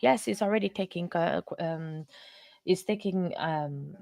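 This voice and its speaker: A woman hosting a live stream, chatting with viewers in an earnest, emotional way, halting with many fillers and restarts. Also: on the low side, vocal fry, darkish tone. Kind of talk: casual chat with live viewers about a court case.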